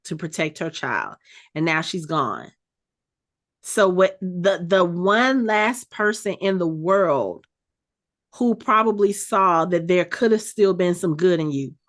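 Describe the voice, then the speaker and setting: A woman podcast host casually recapping a TV episode, telling the story with animated energy and acting out the characters' lines. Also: lowish voice. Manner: animated storytelling, acts out quotes.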